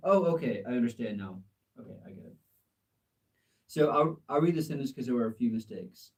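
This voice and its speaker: American man tutoring English, mellow voice. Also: mid-range voice, animated, moderate pace, far from the mic, rough recording. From United States. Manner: encouraging, laughs often, corrects pronunciation. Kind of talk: live language exchange lesson.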